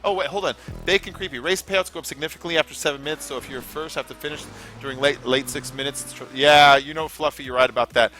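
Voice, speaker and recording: A man's voice: fairly high pitch, fairly even intonation, fast talker, sharp tone, soft background music. A young man hosting a casual gaming livestream, rambling, swearing freely and answering chat as he plays.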